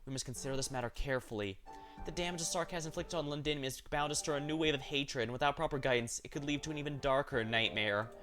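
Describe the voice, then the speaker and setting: A man's voice: mid-range voice, fast talker, fairly bright tone, soft background music, close to an everyday voice. A man reading the lines of a resolute young woman leader in an earnest, urgent tone. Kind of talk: dramatic reading of game story.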